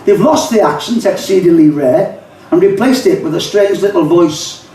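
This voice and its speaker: A man's voice: sits high, normal speed, warm tone. An older man with a Liverpool accent, reciting rhyming poems at a live pub reading with chatty asides. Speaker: poet and songwriter. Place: pub function room, live audience. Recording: echoey pub, mic far off.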